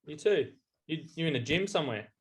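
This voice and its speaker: A man's voice: on the high side, expressive, brisk. A man joining a podcast as a guest, chatting in a friendly, easygoing way. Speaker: podcast guest, charity CEO. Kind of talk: casual interview chat.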